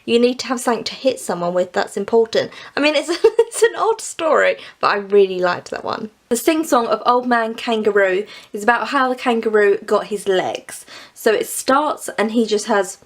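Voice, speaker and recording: A woman's voice: medium pitch, moderate pace, few pauses. A young woman retelling and reviewing stories in a casual, chatty way, laughing often and saying "like" a lot. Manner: chatty, giggly, peppered with "like". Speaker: book vlogger.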